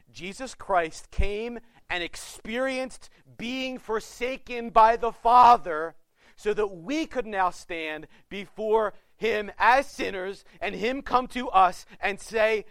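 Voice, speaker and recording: Impassioned high-voiced preacher man. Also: dry recording. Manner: impassioned preaching, swinging between loud urging and hushed pleading. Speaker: pastor. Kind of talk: sermon.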